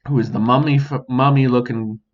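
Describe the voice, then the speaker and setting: A man's voice: mid-range voice, steady tone, brisk, lo-fi sound, heavy background noise. A man hosting a casual solo podcast, swearing freely and speaking to an imagined audience, recorded at home. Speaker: podcast host. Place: home near a sink.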